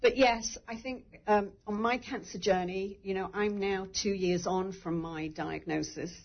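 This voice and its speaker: A woman's voice: mid-range voice, fairly even intonation, unhurried, vocal fry, lo-fi sound. A woman who survived breast cancer, sharing her story in a candid, rambling way and laughing through tears. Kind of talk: emotional personal story in a conversation.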